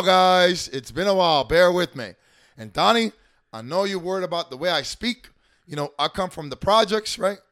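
A man's voice: high voice, a bit bright, no room sound, clean studio sound. A man hosting his show, talking in an emphatic, rambling way full of swearing and restarted sentences. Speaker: show host. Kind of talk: profane rambling commentary.

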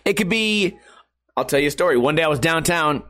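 A man's voice: a little high, lively intonation, fairly quick, sharp tone. A man in his thirties rambling casually in a vlog, crude and self-mocking, swearing often and laughing at himself. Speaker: vlogger.

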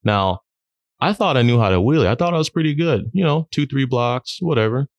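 A middle-aged man, a podcast guest, telling stories in a lively way, laughing often and acting out his friends' lines. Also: mid-range voice, a little fast, dry recording, muffled recording. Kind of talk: storytelling in a podcast interview.

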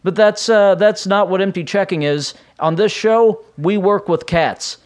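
A chatty man hosts his podcast alone from a room at home, his voice sitting a little high for a man. He rambles along in a loose, casual way, often stopping to restart a thought. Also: unhurried. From United States. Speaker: podcast host. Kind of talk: casual solo podcast chat.

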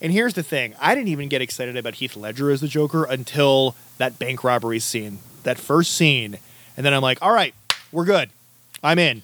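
A man hosting a casual podcast chat, excitable and animated, swearing freely as he tells stories. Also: mid-range voice, a little fast. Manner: excitable, profane, animated storytelling.

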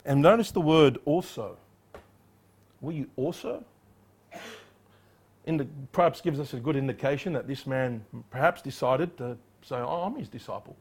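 A man preaching an expository sermon, emphatic and animated, acting out the voices in the passage he reads. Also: mid-range voice, measured pace, pauses often, slightly rough. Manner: emphatic, acts out quoted voices.

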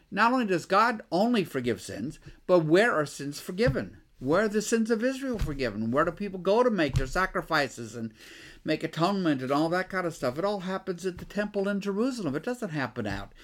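Lively, questioning male preacher. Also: a little high. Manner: thinking aloud with restarts and rhetorical questions; acts out the scribes' objections. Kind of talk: sermon.

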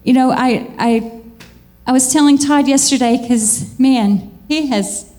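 A high-pitched woman with a drawl delivers a chatty church sermon. She talks to the congregation like friends, laughing often and leaping up into excited squeals before settling back down. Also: slow pace. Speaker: church speaker.

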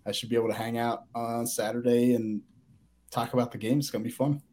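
A man co-hosting a sports podcast, talking quickly and eagerly in casual chat, often restarting his sentences. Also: medium pitch, flat delivery, mellow. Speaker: podcast co-host.

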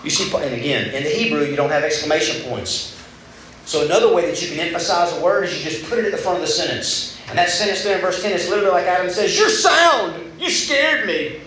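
A man's voice: fairly high pitch, fast, a bit bright. Echoey young male preacher. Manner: conversational, acts out quoted voices. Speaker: preacher at a student retreat. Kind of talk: sermon. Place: large room at a retreat. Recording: echoey room with faint background noise.

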